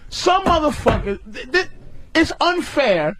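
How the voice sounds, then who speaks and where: Rambling, profane man with high voice. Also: sing-song, unhurried, a bit bright, a little hiss or hum. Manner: rambling, profane, restarts mid-thought. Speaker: comedian guest. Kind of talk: radio talk banter. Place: radio studio.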